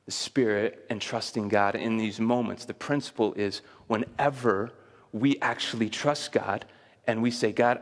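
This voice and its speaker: A man preaching a sermon to a congregation, telling stories with lively acted-out quotes and frequent laughs. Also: fairly low pitch. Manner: animated storytelling, acts out quotes, laughs often. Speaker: pastor. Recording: preached in a reverberant hall.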